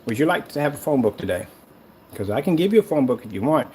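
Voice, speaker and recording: A man's voice: mid-range voice, very animated, fast, darkish tone, slight background noise. A man who makes screen paint, delivering a sarcastic, rambling online rant that taunts a rival.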